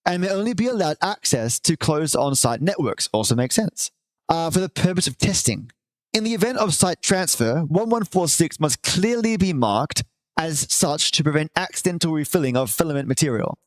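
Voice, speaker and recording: A man hosting a livestream in a loose, affectionate chat style, teasing viewers and reading entries aloud. His voice sits a touch high for a man, and the sound is dry and close to the mic. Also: animated, moderate pace, no room sound. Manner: chatty, affectionate to viewers, swears casually. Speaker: livestream host. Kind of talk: casual live-stream chat and reading.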